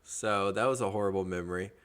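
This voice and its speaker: A man from Georgia hosting a podcast, telling his stories in a casual, animated and jokey way. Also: sits low, quick pace, clear, resonant tone. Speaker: podcast host. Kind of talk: casual storytelling chat.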